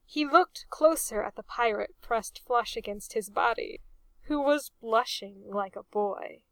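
A woman narrating a storybook aloud with an amused, expressive reading. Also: a little high, a little slow, vocal fry, dry recording.

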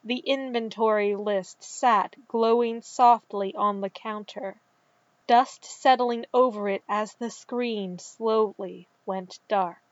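Slow, calm woman reading a story. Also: medium pitch, no echo. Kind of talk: scripted narration. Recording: dull, dry recording.

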